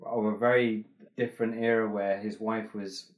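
A man's voice: lowish voice, level tone, moderate pace. A young man from England, a comedian guest, chatting casually in an interview and rambling with many restarts and fillers.

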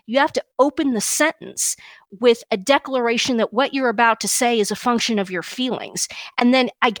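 A woman's voice: a little high, a bit bright, no echo. A woman co-hosting a podcast, ranting indignantly and emphatically, often restarting and repeating words. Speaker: podcast co-host. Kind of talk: opinionated podcast rant.

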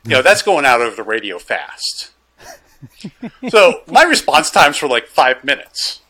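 A man's voice: mid-range voice, measured pace. A man, a gun dealer, telling a story in casual chat and acting out the dialogue. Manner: animated, loose storyteller who acts out the dialogue.

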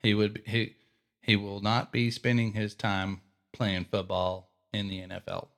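A man with a Texan accent, co-hosting a casual faith podcast and retelling a movie scene with animated storytelling. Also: on the low side, unhurried, vocal fry. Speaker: podcast co-host.

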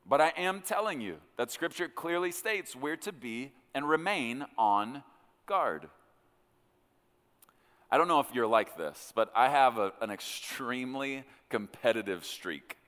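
A man preaching a sermon as a pastor, conversational and animated, often stumbling over repeated words as he restarts. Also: medium pitch. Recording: long hall reverb.

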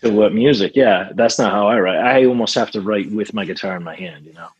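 A man's voice: lowish voice, fairly quick, husky, muffled recording. A male songwriter as a guest in a casual interview, rambling with many fillers and restarts.

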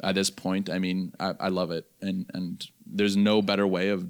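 A young man with a lowish, smooth and resonant voice tells a story in casual chat. He gets animated and jumps higher when he quotes people. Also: normal speed. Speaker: podcast guest telling a story.

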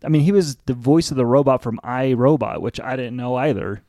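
A man's voice: mid-range voice, a little fast, dark tone, no echo, clean studio sound. A man co-hosting a podcast in casual chat, eager and laughing, chiming in with bits of trivia. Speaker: podcast co-host.

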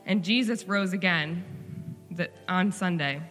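A woman's voice: on the low side, a little slow, a bit bright, in a large hall, soft background music. A woman speaking earnestly and encouragingly at a church service. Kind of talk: devotional exhortation.

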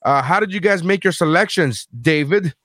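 A man's voice: high-pitched, moderate pace, fairly bright tone, dry recording, studio quality. A man hosting a casual podcast, rambling and joking with lots of swearing. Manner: profane, rambling, joking rants. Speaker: podcast host.

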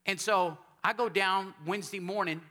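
A man from Texas, a pastor preaching a sermon in a church sanctuary, telling stories and building up to shouted calls for amens. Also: sits high, steady tone, normal speed.

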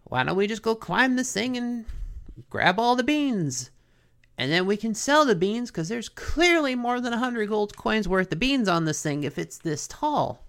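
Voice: mid-range voice, sing-song, measured pace, fairly bright tone, voice pushed up. A podcaster voicing a cartoon plumber hero, eager and upbeat, while retelling an episode. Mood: excited.

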